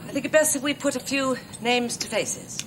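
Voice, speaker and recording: An actress playing a nursing tutor who lectures new students in a brisk, chatty way with small laughs. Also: female voice, high-pitched, background noise, close to an everyday voice. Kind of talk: scripted TV drama acting.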